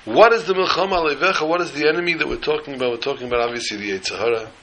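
A man delivering a sermon with lively, acted-out storytelling. His voice is bright and forceful, and his pacing stays relaxed as he explains the weekly portion. He speaks like a rabbi teaching his congregation. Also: on the high side, racing, poor audio. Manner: animated storyteller who acts out scenes.

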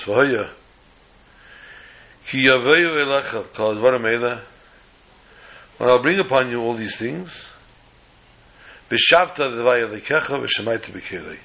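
A man teaching a sermon on the weekly Torah portion in a measured, halting way, often restarting phrases. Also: medium pitch, pushed and bright, poor audio.

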